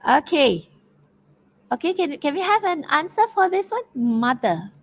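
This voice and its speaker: A woman's voice: sits high, very animated, unhurried, poor audio. A woman with a Malaysian English accent, leading an online poetry quiz as teacher, encouraging and praising answers with many fillers and restarts. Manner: filler-heavy, hesitant restarts. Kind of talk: interactive online workshop talk.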